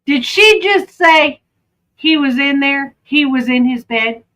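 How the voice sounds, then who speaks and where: A woman's voice: high voice, lively intonation, slow, sharp tone, low-quality recording. A woman with a Southern accent giving casual true crime commentary, chatty and often breaking off to aside. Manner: chatty, self-interrupting.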